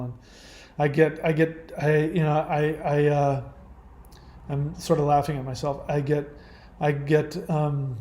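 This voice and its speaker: An older man with a somewhat high voice delivers blunt, profane advice to his viewers, firing off rhetorical questions. He drifts into halting restarts when he muses. The recording has a roomy echo. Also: warm tone. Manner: trails off and restarts often when musing. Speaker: channel host answering viewer questions. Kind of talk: casual advice monologue.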